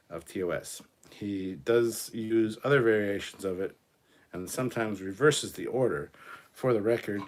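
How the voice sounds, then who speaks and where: A man's voice: fairly low pitch, slight background noise. A man hosting a casual livestream, reading trivia and bantering loosely with chat, swearing and a bit drunk. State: drinking, slightly drunk. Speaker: livestream host.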